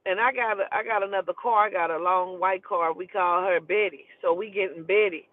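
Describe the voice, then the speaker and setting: A woman's voice: mid-range voice, normal speed, no room sound. Woman storyteller, blunt and profane, emotional; tinny dry phone-quality recording. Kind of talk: casual storytelling.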